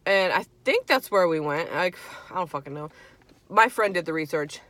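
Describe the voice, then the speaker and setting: A young woman vlogger telling a spooky story in casual chat, animated and swearing freely. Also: fairly low pitch, moderate pace. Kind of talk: casual storytime while eating.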